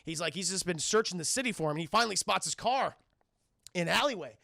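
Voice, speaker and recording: A man's voice: sits high, quick pace, gravelly, dry recording, clean studio sound. A man recapping a cartoon episode on a live stream, cursing freely and acting out scenes as he goes. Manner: profane, animated, acts out scenes in voices.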